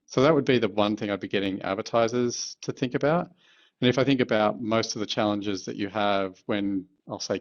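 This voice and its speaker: A man working as an advertising executive, answering interview questions in a measured, thoughtful way with the odd filler. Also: fairly low pitch, lo-fi sound.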